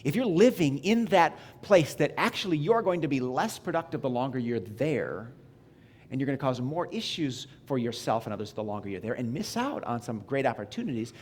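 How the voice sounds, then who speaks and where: A man's voice: medium pitch, very animated, fairly quick. A man preaching a sermon as a pastor in a church, talking in a conversational, self-deprecating way with restarts and asides to the congregation. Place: church sanctuary.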